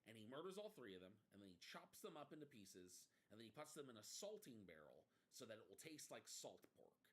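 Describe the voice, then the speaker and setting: Brief: young male podcast co-host, lively pitch, animated storyteller. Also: brisk. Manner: animated retelling with put-on quoted voices and laughs. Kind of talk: casual storytelling chat.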